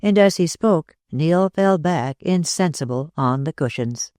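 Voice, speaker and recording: Narrator, measured classic-novel reading, dry close sound. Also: medium pitch, animated, darkish tone, no room sound. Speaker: audiobook narrator. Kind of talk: scripted narration.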